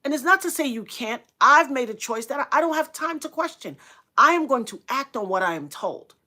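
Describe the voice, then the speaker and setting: Telling a story on her livestream, a middle-aged woman sounds expressive, earnest and dramatic, moving at a fairly quick pace. She leans on repetition for emphasis and voices other people's words in abrupt, loud, high-pitched bursts.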